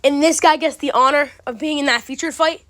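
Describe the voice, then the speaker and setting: High-pitched woman ranting casually, fed up, swears a lot, slangy. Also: fairly even intonation, fairly quick, fairly bright tone. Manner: exasperated, profane, slangy. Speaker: MMA commentary channel host.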